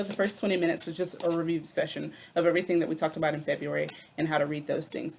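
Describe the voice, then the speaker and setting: Woman music teacher with a lowish voice, patient, counting beats aloud, faint hiss behind. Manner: patient, counts aloud and chants rhythm syllables. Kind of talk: recorded online music lesson.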